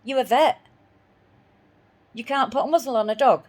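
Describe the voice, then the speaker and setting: A woman's voice: on the high side, moderate pace, long pauses, darkish tone. Indignant woman telling a story. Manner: indignant, retells arguments with repeated phrases. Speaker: dog owner telling her story. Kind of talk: spoken personal account.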